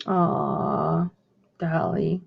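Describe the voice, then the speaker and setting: A woman's voice: sits low, fairly even intonation, extremely slow, gravelly, breathy edge. Chatty woman on a dull lo-fi stream. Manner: chatty, rambling, reads and answers chat. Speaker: livestream host. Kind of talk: casual chat to a live audience.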